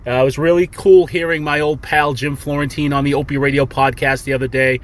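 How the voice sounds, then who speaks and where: A man's voice: medium pitch, steady tone, brisk. A man calling in to a podcast, telling a rambling comic story full of swearing and "he goes". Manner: profane, rambling, lots of "he goes" retelling. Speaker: caller leaving a message for a podcast. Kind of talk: casual comedic storytelling.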